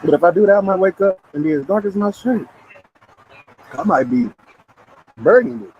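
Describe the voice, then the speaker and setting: A man's voice: high-pitched, normal speed, dull audio, a little hiss or hum. Joking man chatting over breakfast. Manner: relaxed, joking, talks to viewers. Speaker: vlogger. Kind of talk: casual live-stream chat while eating.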